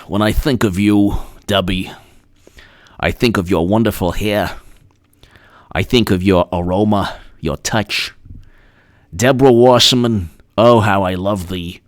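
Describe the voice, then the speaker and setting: A man's voice: on the low side, fairly bright tone, no echo, studio quality. A man doing a crooning, lovesick old senator.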